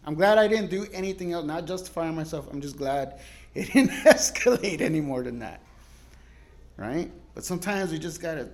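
Guest pastor, male, slightly higher voice, chatty sermon full of laughs and sudden loud cries. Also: animated, moderate pace, creaky. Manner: casual storytelling, laughs often, shifts loud and soft.

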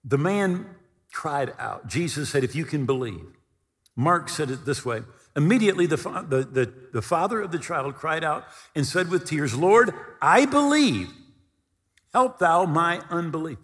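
A man's voice: on the high side, expressive, moderate pace. A man preaching a sermon, retelling scripture and stories with acted-out quotes. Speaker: pastor. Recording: long hall reverb.

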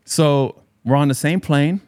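A man's voice: a little high, unhurried, darkish tone, dry recording, clean studio sound. A man and DJ telling a story in casual chat with friends, loose and profane with bro slang.

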